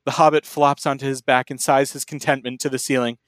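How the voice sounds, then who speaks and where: Guy reading fanfic out loud all mock serious for laughs, dry close mic. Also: mid-range voice, flat delivery, fairly quick, no echo. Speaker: podcast host reading fan fiction aloud. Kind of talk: comedic dramatic reading.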